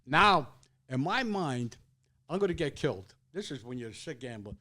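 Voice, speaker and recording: A man's voice: mid-range voice, very animated, normal speed, pushed and bright. An older man, telling a rambling, profane story as a guest in casual chat, repeating words as he goes.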